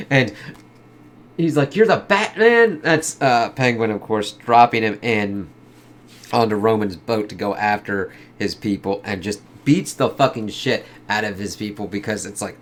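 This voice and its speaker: A man's voice: on the low side, slight background noise. A man giving a casual comic book review, swearing a lot and filling his talk with "kind of" and "like.". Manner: casual, heavy swearing, lots of fillers like "kind of".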